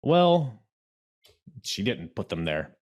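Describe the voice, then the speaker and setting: A man's voice: on the low side, big pitch swings, slow pace, darkish tone. A man co-hosting a podcast in casual chat, rambling and correcting himself as he goes. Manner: rambling, self-correcting, gestures while talking. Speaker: podcast co-host. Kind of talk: casual chat recapping wrestling.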